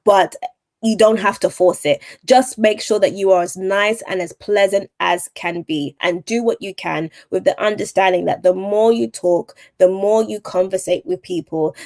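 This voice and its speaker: A woman's voice: medium pitch, a little mellow. A woman, a TV presenter and voice-over artist, speaking as a podcast guest and giving earnest, encouraging advice that repeats its key points. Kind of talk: motivational advice in conversation.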